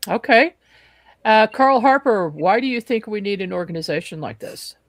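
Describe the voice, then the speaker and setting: Low, gravelly female host; loose delivery, dry recording. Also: expressive, moderate pace, dry recording, rough recording. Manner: loose, with many fillers and restarts. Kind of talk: panel discussion hosting.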